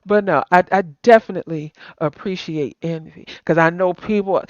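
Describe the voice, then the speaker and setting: A woman's voice: lowish voice, moderate pace, darkish tone, no room sound, muffled recording. Blunt sleepy woman host. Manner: blunt and emphatic, swearing. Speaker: stream host. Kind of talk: casual live-stream chat.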